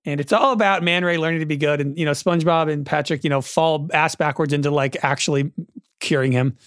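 A man's voice: on the high side, steady tone, fairly quick, a bit bright, smooth, no echo, studio quality. A man in his twenties co-hosting a podcast in casual chat, who talks with enthusiasm and acts out scenes as he retells them. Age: 20s. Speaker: podcast co-host.

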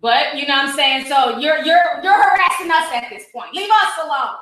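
A woman doing casual commentary on a viral clip, animated, gossipy and laughing, with plenty of profanity. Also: high-pitched, normal speed, heavy reverb, low-quality recording. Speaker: commentary vlogger.

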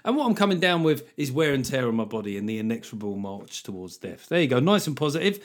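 A middle-aged man talks through his solo comedy podcast. He is wry and a bit sweary, and he keeps sliding into jokey asides. His voice sits at an ordinary middle pitch for a man. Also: very animated, fast talker. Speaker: podcast host.

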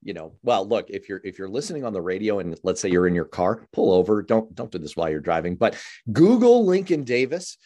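A man hosts a casual podcast interview, chatty and jokey, repeating words and restarting phrases as he begins. His voice is fairly low, very animated, warm and a little fast.

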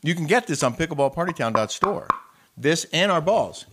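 A man's voice: on the high side, expressive, brisk, fairly bright tone. A man co-hosting a casual talk show, telling a story with building indignation. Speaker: show co-host. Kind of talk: casual chat.

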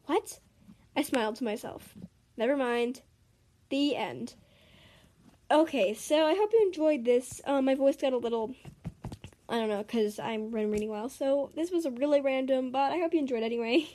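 High-voiced girl reading her story aloud. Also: normal speed. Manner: earnest, expressive, some stumbles.

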